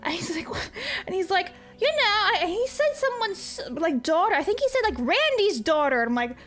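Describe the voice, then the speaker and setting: Woman, very high-pitched, casual stream chat, swears a lot, chatty storyteller. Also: fairly quick. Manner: rambling, swears freely, laughs at her own stories; chatty and animated while reading donations.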